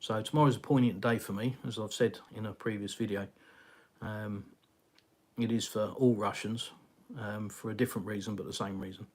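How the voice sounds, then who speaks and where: A man's voice: lowish voice, steady tone, moderate pace, a little mellow, husky. Middle-aged English man, live-stream host; chatty, meandering, lots of fillers. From England. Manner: rambling, conversational, frequent fillers and sighs. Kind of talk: casual live chat reading viewer comments. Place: home, in Russia.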